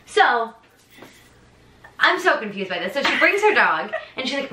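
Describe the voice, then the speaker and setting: A young woman co-hosting a casual show recap, chatty and animated, acting out what others said. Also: on the high side, moderate pace. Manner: chatty, animated, acts out quotes in funny voices. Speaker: co-host recapping a reality show. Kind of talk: casual chat. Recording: echoey room.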